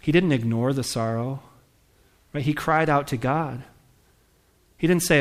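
A man's voice: medium pitch, a little slow, long pauses. A man preaching a sermon in a conversational way, asking his congregation questions and reading scripture aloud with rising emphasis. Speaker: pastor.

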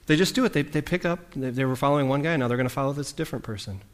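A man preaching a sermon in a relaxed, conversational way, acting out the lines of the people in his story. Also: mid-range voice, very fast. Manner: lively, conversational, acts out quoted lines.

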